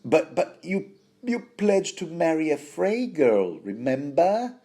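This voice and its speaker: A man's voice: a little high, sing-song, takes it slowly, dark tone, slightly rough, voice pushed up, exaggerated voice. A man voicing a worried noble mother who frets over and scolds her young son in a raised, fluttery voice. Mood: fretting. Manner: fretful, chiding.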